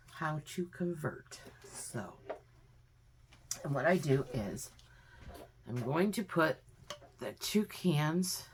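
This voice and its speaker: A woman's voice: sits low, a little hiss or hum. A woman at home in her kitchen, giving a chatty, homey step-by-step cooking demonstration with plenty of fillers. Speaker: home cook vlogger.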